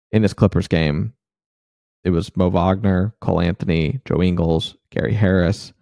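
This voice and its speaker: A man's voice: low voice, creaky, no echo. A man co-hosting a casual sports podcast who breaks down rotations and pushes back on critics. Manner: analytical, steady, annoyed at critics. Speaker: podcast co-host.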